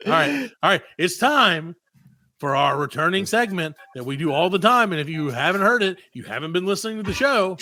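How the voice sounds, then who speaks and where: A man's voice: high voice, big pitch swings, brisk, pushed and bright, no room sound. A man hosting a comedy podcast, teasing his co-hosts with profane, laughing banter. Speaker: podcast host.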